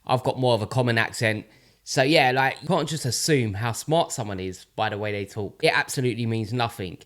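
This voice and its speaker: British man, reaction video host, casual friendly commentary, mid-pitched voice. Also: brisk, fairly bright tone. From United Kingdom. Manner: friendly, chatty asides.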